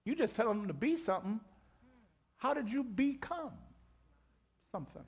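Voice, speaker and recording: High-voiced animated preacher. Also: male voice, normal speed, vocal fry, breathy edge. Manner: animated, conversational, calls out to the congregation. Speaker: pastor. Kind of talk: live sermon. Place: church auditorium.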